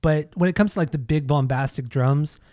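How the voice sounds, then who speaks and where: A man's voice: a little high, a little fast, a little mellow, no echo, clean studio sound. A man co-hosting a podcast, chatting casually and enthusiastically about an album, sometimes singing lyric snippets. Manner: enthusiastic, sings snippets of lyrics, laughs often. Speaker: podcast co-host. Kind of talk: casual music discussion.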